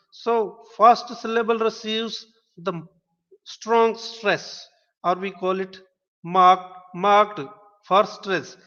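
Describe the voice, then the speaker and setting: A man's voice: high-pitched, fairly bright tone. A man teaching an online linguistics lecture, explaining step by step and spelling words out letter by letter, often restarting his sentences. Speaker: webinar lecturer. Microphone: webinar stream. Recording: dull lo-fi audio with long reverb.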